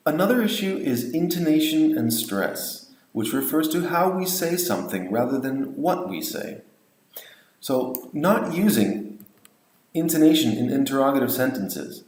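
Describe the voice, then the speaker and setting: A man's voice: mid-range voice, a little mellow, roomy sound, poor audio. A man lecturing on language teaching, explaining points and modeling example phrases. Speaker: English teacher trainer.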